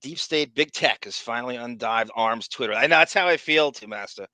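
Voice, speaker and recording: Man, podcast host, bright tense voice, dry close sound, ranting and laughing. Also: medium pitch, brisk, no room sound. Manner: animated, ranting, laughs often. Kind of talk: casual chat reading live chat.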